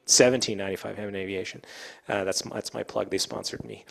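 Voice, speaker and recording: A fast-talking man with a somewhat low voice, speaking casually to a group of pilots. He works as an air traffic controller and leans on fillers and quick restarts as he explains radio habits. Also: steady tone, creaky, fairly bright tone. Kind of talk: informal safety talk to pilots.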